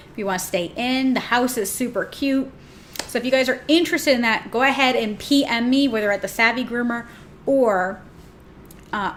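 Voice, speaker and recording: A woman's fairly high voice carries her podcast talk to fellow pet groomers. She keeps it loose, chatty and upbeat, like a casual monologue rather than a script. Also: a bit bright, a little hiss or hum. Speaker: podcast host and pet-grooming business coach.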